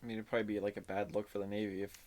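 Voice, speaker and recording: A man's voice: fairly low pitch, level tone, rapid-fire, darkish tone. A young man co-hosting a podcast, chatting in a laid-back way with chuckles. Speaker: podcast co-host. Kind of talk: casual chat.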